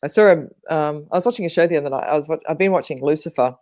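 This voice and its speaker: A woman's voice: low voice, very fast, a little mellow, no room sound. A woman co-hosting a podcast, telling stories in a rambling, casual way with many fillers. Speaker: podcast co-host. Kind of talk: casual spiritual chat.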